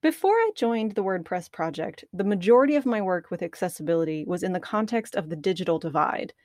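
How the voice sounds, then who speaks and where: A fairly low, expressive, darkish voice comes through quickly with no echo as this woman podcast host records outtakes on a studio mic at her computer. Nervous and dry-mouthed, she laughs at herself, offers self-deprecating commentary and restarts often.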